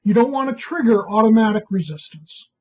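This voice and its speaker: A woman with a fairly high, husky voice leads a training session. She speaks calmly and conversationally, often pausing to ask "right?" as she explains. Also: dull audio. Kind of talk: instructional talk.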